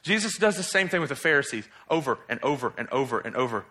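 A man preaching an expository sermon in a conversational, animated way, asking rhetorical questions. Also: mid-range voice, quick pace.

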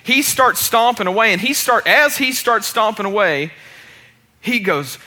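A male preacher tells his story from the pulpit in a loose, conversational way. His voice sits high and sounds piercingly bright, rising and falling freely as he stumbles, restarts, and pokes fun at himself. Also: expressive, normal speed. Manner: casual and chatty, with many restarts and self-deprecating asides. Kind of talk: storytelling sermon.

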